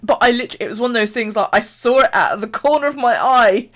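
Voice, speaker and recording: A woman's voice: a little high, fast, a bit bright. A woman telling a story on a casual live stream, swearing freely and laughing as she goes. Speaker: bullet journal live streamer.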